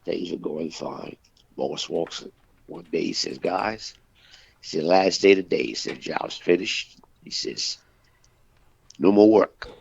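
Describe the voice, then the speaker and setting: Radio co-host, male, husky gravelly tone, lively up-and-down delivery, folksy joke teller, muffled lo-fi sound. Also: low voice, dry recording. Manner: folksy, drawn-out storytelling with character dialogue. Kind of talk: telling jokes on a talk radio show. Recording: dull, lo-fi dry radio recording.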